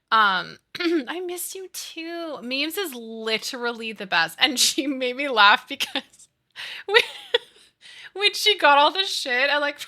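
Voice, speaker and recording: A woman in her thirties chats with her live stream viewers, her voice very bright and lively as it swoops up and down. She tells stories excitably and laughs often, keeping a relaxed, casual tone. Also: on the high side. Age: 30s. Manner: chatty, laughing, excitable storytelling. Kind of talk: casual chat while playing a game.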